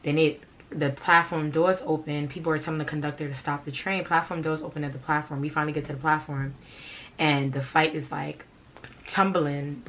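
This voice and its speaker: Low-voiced blunt New woman. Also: a bit bright. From Brooklyn, New York. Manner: blunt, profane, rambling with frequent "like". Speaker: vlogger. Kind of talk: casual storytime monologue.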